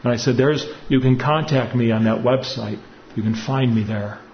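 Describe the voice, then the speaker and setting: A priest preaches in a relaxed, storytelling manner, chuckling as he recounts his own experiences before drawing a spiritual lesson. His voice sits at an ordinary middle pitch for a man. The recording is a bit dull, with a faint hum of the room behind him. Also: normal speed. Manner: chatty storytelling, chuckles often. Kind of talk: homily with personal story.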